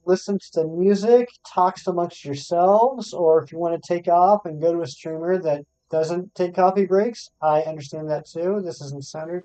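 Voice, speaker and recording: Here the gaming streamer's voice sits high, warm and clean as he chats away, reads his chat out loud and jokes at his own expense during a live stream. The sound is dry and lo-fi.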